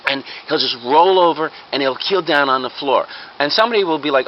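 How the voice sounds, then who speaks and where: Man, lively up-and-down voice, rambling comic storytelling, dull lo-fi sound, faint hiss. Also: quick pace. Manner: excitable, acts out bystanders in high voices. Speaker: vlogger.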